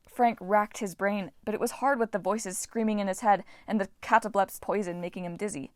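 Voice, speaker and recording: A woman reading a novel aloud with steady, even narration. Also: medium pitch, a little fast, hardly any pauses, dry recording, clean studio sound. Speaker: audiobook reader.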